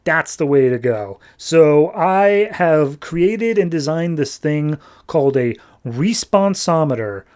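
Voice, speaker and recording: A man's voice: fairly high pitch, darkish tone, close to an everyday voice. A man playing a frustrated male robot inventor, exasperated and rambling.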